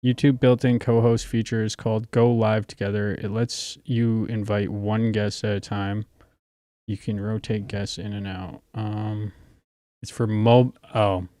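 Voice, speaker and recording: A man's voice: on the low side, level tone, measured pace, warm tone, no room sound, studio quality. A man hosting a casual livestream, chatting loosely with callers and swearing freely. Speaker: livestream host.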